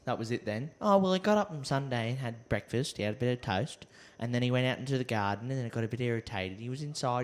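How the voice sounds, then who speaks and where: A man chatting casually on a podcast, his voice swinging up and down with lively expression. He acts out the people in his story as he goes, at a middling pitch. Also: fast, hardly any pauses. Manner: animated, acts out quoted voices. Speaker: podcast co-host.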